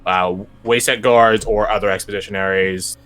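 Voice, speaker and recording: A man's voice: lowish voice, steady tone, moderate pace, fairly bright tone, smooth, soft background music. A young man narrating a tabletop game as game master, rambling with many fillers and restarts.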